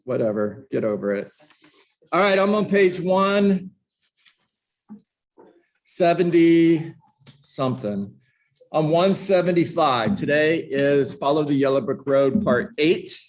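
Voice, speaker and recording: A man's voice: a little high, animated, slow, pauses often. A man teaching a live book-study lesson to a room of agents, passionate and emphatic, with sarcastic asides. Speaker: real estate trainer.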